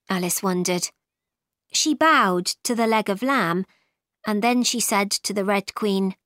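A woman reading a storybook aloud in a clear, expressive manner. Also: medium pitch, a little slow, dry recording, studio quality.

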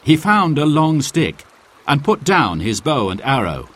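Slow, expressive man reading a storybook. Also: on the high side. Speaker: narrator.

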